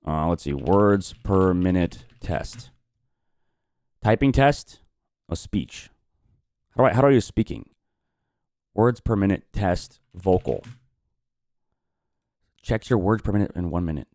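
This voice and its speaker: Male streamer, low and lively voice, frustrated and muttering, dry headset sound. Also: measured pace, pauses often, no echo. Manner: swears freely, frustrated, muttering reactions. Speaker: streamer hosting a watch party. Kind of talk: casual live-stream chat.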